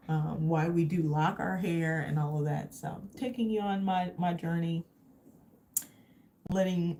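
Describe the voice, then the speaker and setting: A woman's voice: fairly low pitch, warm tone, a little hiss or hum. A woman from Texas, chatting casually with viewers on a travel livestream, full of fillers and meandering asides. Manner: rambling, many fillers. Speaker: travel vlogger. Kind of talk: casual live chat with viewers.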